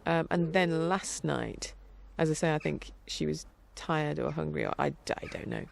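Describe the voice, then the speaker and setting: A middle-aged woman chatting casually in a rambling, warm-hearted way, with fillers and light laughter. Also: sits low, measured pace, gravelly, noisy background. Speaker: vlogger. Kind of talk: casual chat.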